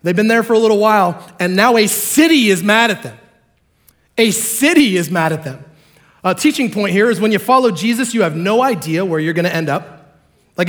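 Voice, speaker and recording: Man, pastor, high voice, animated sermon, joking with the congregation. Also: moderate pace. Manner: animated, acts out quotes, jokes with the congregation.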